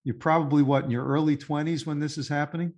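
A man's voice: on the high side, fairly even intonation, fast, darkish tone. A man hosting an interview, steering the guest with conversational questions. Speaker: host.

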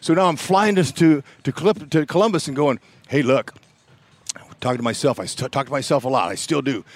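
A man in his sixties from California, telling animated stories as a guest in a sports interview, folksy and excitable, often tossing in "man". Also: mid-range voice, a little fast. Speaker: guest broadcaster, former ballplayer.

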